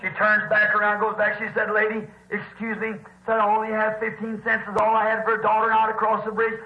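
A man preaching a storytelling sermon in a church, animated, rising to shouts with folksy grammar. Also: sits high, fast talker, a little hiss or hum. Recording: roomy, dull lo-fi old recording.

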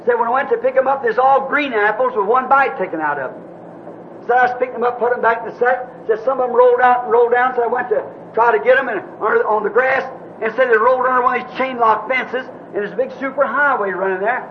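A man's voice: extremely high pitch, fast. A male preacher telling a long story in a sermon, in a folksy, rambling way, repeating "said" again and again. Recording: dull old tape recording with faint hiss.

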